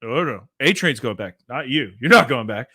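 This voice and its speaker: A man voicing a male cult leader who speaks in a flat, dismissive tone. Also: medium pitch, a little fast, husky, full character voice.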